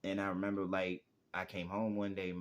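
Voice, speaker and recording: A man in his twenties, a music producer and rapper, tells stories in a casual interview, his low voice monotone and brisk. He rambles, saying "like" again and again.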